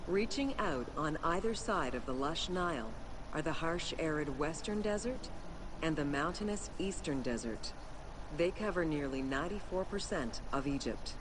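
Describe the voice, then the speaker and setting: A man voicing a formal museum tour guide in a game, reading educational narration in a measured, book-like way. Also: a little high, animated, noisy background, lightly acted. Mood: calm.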